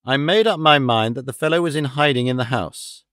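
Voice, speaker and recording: A man doing a calm, amused master detective. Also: mid-range voice, brisk, clean tone, no room sound, studio quality, close to an everyday voice. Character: calm, clever, theatrical male detective. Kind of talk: audiobook character reading.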